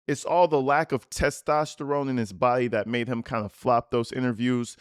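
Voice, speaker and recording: A man ranting in a profane, mocking, animated style while giving reaction commentary on a video. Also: mid-range voice, moderate pace, hardly any pauses, smooth, dry recording, studio quality. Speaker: commentary YouTuber.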